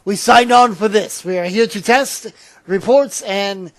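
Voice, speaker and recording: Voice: medium pitch, slow, no room sound. A tired, yawning channel host giving casual gameplay commentary at home, rambling with frequent restarts and trailing asides.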